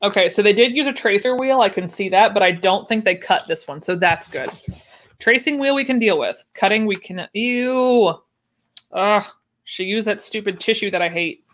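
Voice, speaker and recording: A woman's voice: mid-range voice, animated, moderate pace, a bit bright. Young woman, chatty and wry, laughs a lot, just hanging out on a livestream. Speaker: livestream host unboxing sewing patterns. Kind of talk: casual chat.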